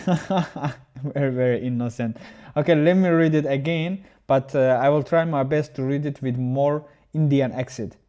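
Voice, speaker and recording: Halting male chess streamer. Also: mid-range voice, mellow. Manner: halting, with many restarts, chatting with viewers. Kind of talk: casual livestream chat.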